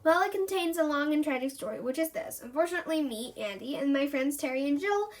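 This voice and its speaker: High-voiced woman reading a children's story. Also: fast talker. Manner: voices characters with lively pitch jumps. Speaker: reader. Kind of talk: reading a children's book aloud.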